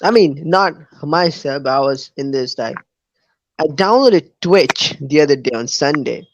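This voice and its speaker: A young adult podcast host in casual chat, hesitant and filling pauses with many fillers. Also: medium pitch, expressive, dull audio, a little hiss or hum. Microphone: online podcast recording app.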